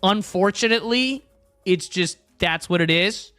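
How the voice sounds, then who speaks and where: A man's voice: high-pitched, a little slow, pushed and bright, clear, resonant tone, soft background music. A young man streaming live, chatting casually with his chat in a blunt, crude, rambling way.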